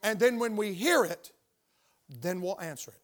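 A man's voice: high voice, animated, normal speed. An older man preaching a sermon in church, emphatic and questioning his congregation as he talks. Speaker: pastor. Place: church sanctuary.

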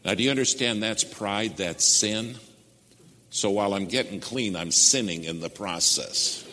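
A man's voice: on the low side, a little slow, sharp tone, long reverb tail, slight background noise. A man preaching a sermon, telling a story and pressing his listeners with direct questions.

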